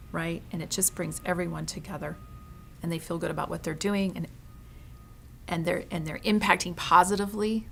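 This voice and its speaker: An earnest woman talks as an interview guest about her store, often checking in with "you know?" and "right?". Her voice sits low, with a gravelly edge of vocal fry running through it. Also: slight background noise. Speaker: consignment store owner, guest. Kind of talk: heartfelt interview talk.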